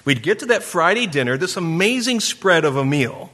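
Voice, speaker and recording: A man's voice: a little high, very animated, moderate pace, pushed and bright. A man preaching a sermon, telling a story and acting out kids' voices in a playful way. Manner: storytelling with playful camper impressions. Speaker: pastor. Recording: long hall reverb.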